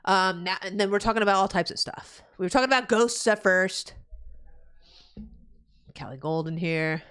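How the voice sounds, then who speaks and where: A woman's voice: normal speed, clean tone. A young woman from New Jersey streaming live, chatting casually and ranting with heavy swearing. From New Jersey, USA. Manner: profane ranting, loud swings in pitch. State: pregnant.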